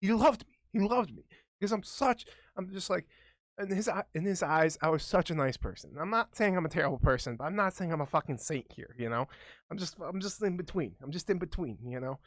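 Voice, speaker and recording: A man's voice: fairly high pitch, animated, fairly quick, fairly bright tone, dry recording. A young man co-hosting a casual podcast, rambling and swearing freely in a boisterous way. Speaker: podcast co-host.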